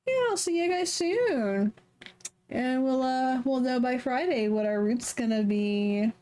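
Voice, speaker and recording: A woman's voice: high-pitched, expressive, measured pace, mellow. A woman streamer chatting casually, rambling and playful, poking fun at herself. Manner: rambling, playful, self-mocking.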